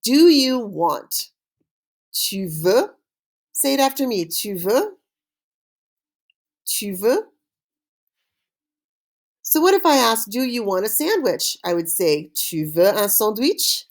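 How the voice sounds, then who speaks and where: A woman teaching a recorded French vocabulary lesson, saying words slowly for students to repeat and praising them often. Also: fairly high pitch, very animated. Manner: slow call-and-repeat drilling with cheerful praise. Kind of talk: recorded online language lesson.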